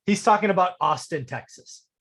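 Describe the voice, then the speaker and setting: A man's voice: sits high, animated, moderate pace, fairly bright tone. A man hosting a podcast, chatting and joking as he tells stories about investing. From Fresno, California. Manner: joking, conversational storyteller. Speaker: podcast host. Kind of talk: casual podcast chat.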